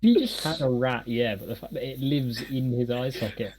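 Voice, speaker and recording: A man's voice: medium pitch, brisk, crowd noise, low-quality recording. A man playing a tabletop game, speaking plainly and matter-of-factly. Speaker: player. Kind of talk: casual chat at a tabletop game.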